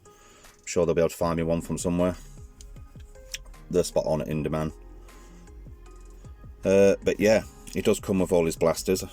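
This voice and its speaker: A man with a very low, deep voice talks through a hands-on toy review in a loose, rambling way, often correcting himself mid-sentence. Faint music plays underneath. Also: fairly even intonation, normal speed, long pauses, mellow. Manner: chatty, rambling, self-correcting.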